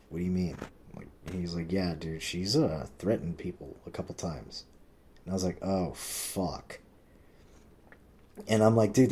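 A man telling a rambling personal story in casual chat, swearing often and acting out what others said. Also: a little mellow. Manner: rambling, swears a lot, heavy use of "like"; acts out quoted people with pitch jumps.

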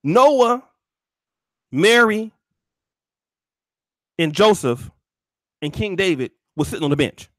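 A man telling a profane comedic story to his stream in animated, slangy talk. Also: sits high, slow, pauses often, no echo, clean studio sound.

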